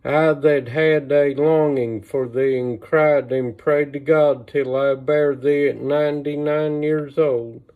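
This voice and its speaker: A sorrowing old mother cries over her son, voiced by a man reading aloud. The lament is slow and measured, a little high for a man. It comes through thin and tinny, like a phone line. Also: steady tone. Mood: grieving.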